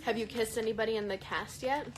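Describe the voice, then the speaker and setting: A young woman telling a story in relaxed livestream chat, her voice a little higher than most. She talks chattily, full of fillers and quoted lines. A faint hiss sits under the recording. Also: fast talker, poor audio. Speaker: actress on a livestream.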